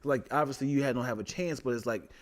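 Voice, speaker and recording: A young man in casual podcast chat, animated and acting out little voices as he talks. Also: medium pitch, fast. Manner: animated, acts out voices in his stories.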